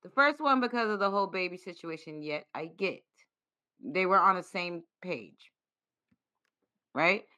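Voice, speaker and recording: A woman co-hosting a casual podcast chat, animated and playful, often laughing. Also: on the low side, measured pace, pauses often. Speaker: podcast co-host.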